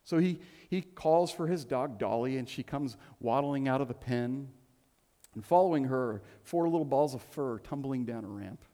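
A man's voice: medium pitch, lively intonation, normal speed, dark tone. Middle-aged male pastor in echoing hall. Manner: storytelling with humor, repeats words. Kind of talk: sermon. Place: church hall. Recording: long hall reverb.

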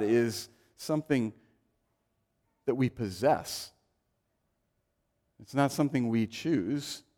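A middle-aged man preaching a sermon, telling stories and acting out the voices of the people in them. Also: mid-range voice. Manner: animated, acts out quoted voices in anecdotes. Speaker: pastor. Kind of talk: sermon with storytelling.

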